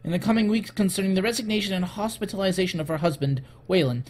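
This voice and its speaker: A man's voice: high voice, quick pace, darkish tone, voice pushed up, close to an everyday voice. A man voicing a smug corporate executive's memo in a mock-dramatic, pompous reading voice.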